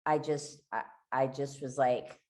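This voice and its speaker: A woman's voice: very deep voice, little pitch movement, a little slow, a little mellow. A woman guest on a podcast, candidly telling a raw, emotional personal story and swearing freely.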